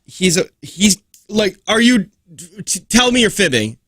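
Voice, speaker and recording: A young man co-hosting a casual radio show, firing off quick joking interjections. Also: sits high, big pitch swings, a bit bright, no room sound, clean studio sound. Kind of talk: casual morning radio banter. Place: radio studio. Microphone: studio microphone.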